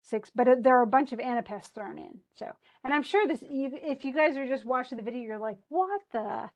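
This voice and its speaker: A woman's voice: sits high, fast talker. A middle-aged woman teaching a classroom lesson on poetry meter, chatty and thinking aloud as she corrects herself.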